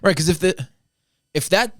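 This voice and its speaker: A man co-hosting a podcast movie review, cracking deadpan jokes and picking apart details. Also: high-pitched, normal speed, dry recording. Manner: dry, deadpan jokes, picky about details. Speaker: podcast co-host. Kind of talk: casual chat.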